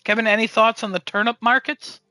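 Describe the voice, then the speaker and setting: A young man chats on his podcast with a bright, forceful voice that often rises when he gets worked up. He rambles and swears freely as he tells jokey stories. The sound is dry and close, with no room around it. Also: sits high, flat delivery, brisk, no echo. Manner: rambling, profane, jokey storytelling. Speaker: podcast host. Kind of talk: casual chat.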